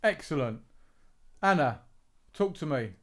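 A man running a relaxed music review panel on air. His voice sits a little higher than most men's. He teases his guests and laughs easily as he chats. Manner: playful, teasing, quick to laugh. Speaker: radio host reviewing new tracks. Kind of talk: casual panel chat.

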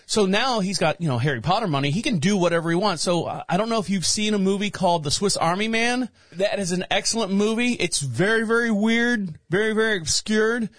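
A man's voice: high-pitched, fast talker, no echo. A man hosting a show, reading news headlines and rambling jokingly about them in casual commentary. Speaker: show host.

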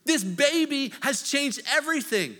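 A man preaching a sermon, conversational with joking asides, swinging from loud to hushed. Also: very high-pitched, expressive, a little slow, long reverb tail. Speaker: pastor.

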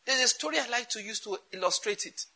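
Husky, lively Nigerian preacher man. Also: high voice, fast talker. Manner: animated, rhetorical questions, laughs often. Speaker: pastor. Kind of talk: sermon.

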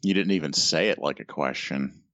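A man's voice: a bass voice, normal speed, fairly bright tone, no echo, muffled recording. A man co-hosting a podcast, chatting in a laid-back, teasing way. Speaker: podcast co-host. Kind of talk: casual chat.

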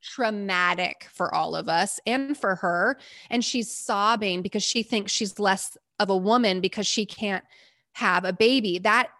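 A woman's voice: medium pitch, unhurried, bright, forceful tone, no echo, studio quality. A woman, a medical provider, candidly recounting her field work in an interview, in short emphatic bursts. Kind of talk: interview storytelling.

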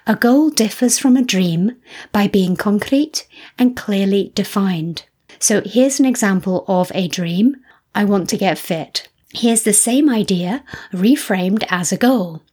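A middle-aged woman hosting a solo podcast, speaking in a gentle, reassuring way with slightly low energy. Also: expressive, a little slow, breathy edge. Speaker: podcast host.

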